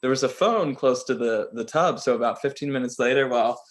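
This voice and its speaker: A man co-hosting a podcast who tells a story in a casual, animated way and laughs often. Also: mid-range voice, fairly quick. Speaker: podcast co-host.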